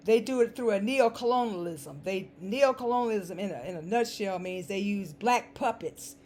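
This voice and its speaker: A woman's voice: mid-range voice, lively intonation, moderate pace, darkish tone. A woman with a dry, scratchy voice giving an emphatic, sarcastic commentary monologue, repeating words for stress. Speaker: vlogger.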